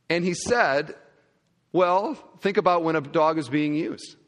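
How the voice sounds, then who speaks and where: A male pastor preaching a sermon, telling a humorous story in a conversational, animated way. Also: fairly high pitch, normal speed. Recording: long hall reverb.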